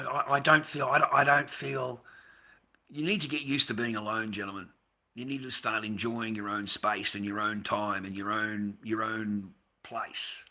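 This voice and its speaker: Blunt, sharp-toned man ranting. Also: fairly low pitch. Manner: blunt, profane, rambling, stammering restarts. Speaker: livestream host. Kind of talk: casual livestream rant.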